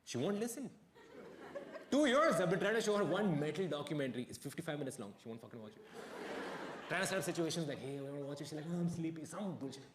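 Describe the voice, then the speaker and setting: A young man doing a stand-up comedy set on stage, with wry deadpan asides and bursts of mock outrage. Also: on the high side, fast talker. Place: stage before a live audience. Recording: echoey live venue with crowd noise.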